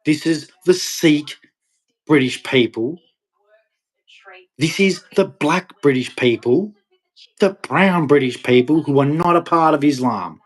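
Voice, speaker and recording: A man delivering an impassioned, ranting monologue to camera, with sudden loud, emphatic rises. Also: fairly high pitch, takes it slowly, long pauses. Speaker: vlogger.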